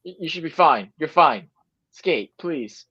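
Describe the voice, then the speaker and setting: Laid-back guy co-hosting a sports chat, a bit high-pitched, sound slightly dull and muffled. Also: lively intonation, unhurried, bright, forceful tone, husky. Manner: laid-back, short agreeing remarks. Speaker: podcast co-host.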